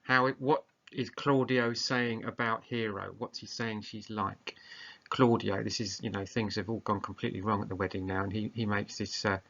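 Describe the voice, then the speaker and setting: A man's voice: on the low side, steady tone, moderate pace, gravelly, a bit bright. A male teacher giving a recorded lesson, explaining tasks plainly and often hesitantly. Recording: muffled lo-fi recording.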